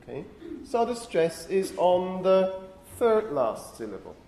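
A male university lecturer with a fairly high, mellow voice that swings up and down a great deal as he explains. He often stops to correct himself and checks in with the class. The room is echoey, with faint noise behind him. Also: unhurried. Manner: lively, self-correcting, frequent "okay?" checks. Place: lecture hall. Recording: roomy lecture hall echo.

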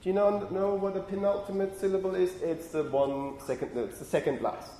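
A male lecturer giving a university lecture, talking in a lively way, often correcting himself and checking in with "okay?". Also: high voice, a little fast, slight background noise. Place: lecture hall. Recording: roomy lecture hall echo.

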